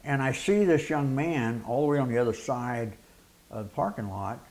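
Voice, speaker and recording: A man's voice: medium pitch, moderate pace, gravelly. A middle-aged man, a preacher and former wrestler telling a story as a guest in an interview, acting out the quotes. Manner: animated anecdote with acted-out quotes and laughter.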